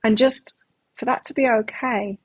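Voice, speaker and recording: Husky, chatty woman tarot reader. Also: fairly high pitch, steady tone, unhurried, no room sound, rough recording. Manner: chatty and rambling, telling anecdotes. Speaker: tarot reader and live-stream host. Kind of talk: casual live-stream chat between tarot readings.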